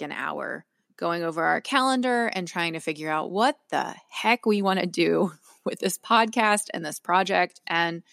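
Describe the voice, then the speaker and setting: A woman with a faint Southern accent hosts a relaxed podcast conversation. Her voice sits a bit low and sounds close and dry into her own microphone. She tells stories freely and laughs often. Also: gravelly, no room sound. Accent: slight Southern US. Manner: talkative storyteller, quick to laugh. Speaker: podcast host. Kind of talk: casual chat.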